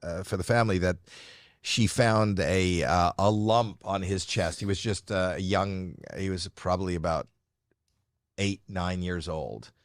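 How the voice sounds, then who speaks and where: Low-voiced man telling a rambling story. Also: measured pace, no room sound, studio quality. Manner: rambling, self-interrupting, playful. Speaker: interview guest, comedian. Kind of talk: casual storytelling.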